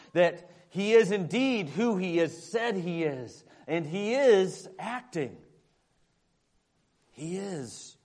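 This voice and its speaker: A man with a high-pitched voice delivering a sermon from the pulpit. His delivery is dramatic, rising to loud emphasis and dropping to near-hushed asides. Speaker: pastor.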